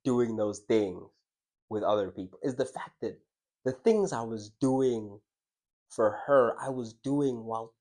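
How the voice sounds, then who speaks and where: Warm in tone and mid-range in pitch, this young man speaks a little slowly as he shares a personal story with his viewers. The vlogger sounds reflective and casual, often restarting and laughing.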